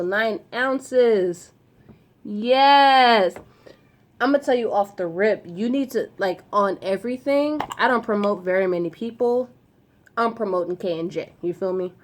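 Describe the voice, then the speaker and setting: A young woman in a casual unboxing vlog, talking in an excitable, emotional and slangy way, gushing with gratitude. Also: medium pitch. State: throat dry. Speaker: vlogger unboxing gifts.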